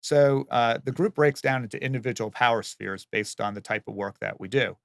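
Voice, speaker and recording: A man's voice: medium pitch, fairly even intonation, fairly quick, gravelly, fairly bright tone, no room sound, clean studio sound. A man who builds and remodels homes, answering interview questions in a plain, earnest way and often restarting his words.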